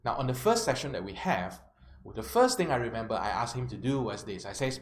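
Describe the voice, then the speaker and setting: A man's voice: mid-range voice, big pitch swings, normal speed. A man, a life coach telling a client story as a self-help lesson, often checking in with his listeners. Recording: roomy with faint background noise.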